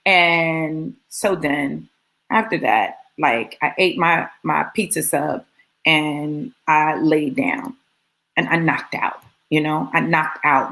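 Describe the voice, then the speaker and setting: A woman giving a casual, animated testimony to live viewers, repeating phrases for emphasis as she tells her story. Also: low voice, unhurried, creaky, poor audio. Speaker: motivational speaker addressing live viewers.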